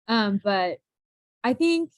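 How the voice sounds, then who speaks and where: A woman's voice: a little high, animated, takes it slowly, no echo, low-quality recording. A young adult woman teacher talking candidly about her classroom struggles in a casual group discussion, laughing often at herself.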